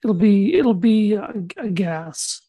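A man from Saskatchewan co-hosting a comedy podcast, deadpan and halting with many restarts. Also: high-pitched, breathy edge, dry recording. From Saskatchewan, Canada. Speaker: podcast co-host.

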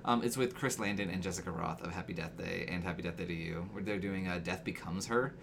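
A man's voice: sits low, fast, vocal fry, a bit bright, slight background noise. A man chatting as a guest on a casual podcast, joking and self-deprecating. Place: apartment room with friends.

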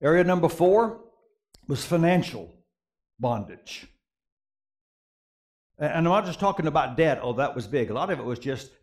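Man, middle-aged, pastor, sermon, storytelling, lively pitch, animated. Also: moderate pace, pauses often. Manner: animated, rising to excited peaks in stories.

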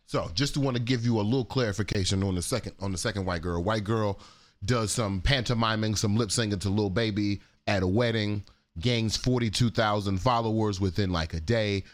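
A man's voice: fairly low pitch, brisk, no echo. A man hosting casual commentary on viral clips, talking in a laid-back, frank, slangy way. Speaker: commentator host.

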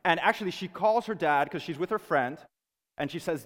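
A man gives a lecture to a room of students, lively and chatty, often stopping to check in with the class. His voice sits a little high for a man. The long reverb of a big hall hangs after his words. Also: a little fast.

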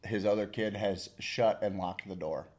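A man's voice: fairly low pitch, normal speed, noisy background. A man co-hosting a casual podcast, telling stories with plenty of swearing and acting out the people he quotes. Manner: animated storyteller, swears a lot, acts out quoted people. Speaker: podcast co-host. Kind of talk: casual chat.

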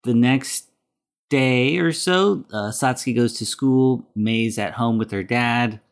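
A man's voice: medium pitch, slow. A man hosting a casual podcast, recapping a film plot in a rambling way with many fillers. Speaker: podcast host.

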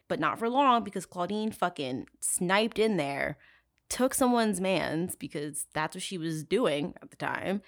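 A woman hosting a true crime podcast, telling the story in casual chat. She is profane and sarcastic, laughs a lot, and swings from loud outrage to low asides. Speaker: podcast host.

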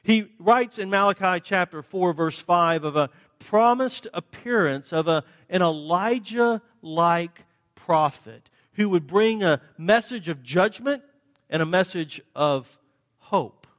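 Male pastor, high-pitched, dramatic sermon delivery, long church reverb. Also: expressive, slow. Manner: dramatic shifts between loud questions and hushed answers; acts out the questioners and the answers.

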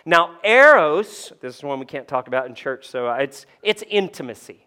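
A man's voice: a little high, lively intonation, moderate pace, sharp tone, clear, resonant tone. A man preaching in a church, talking casually with the congregation and joking about himself. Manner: conversational, asks the room "right?" often; self-deprecating humor. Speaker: pastor. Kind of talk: sermon.

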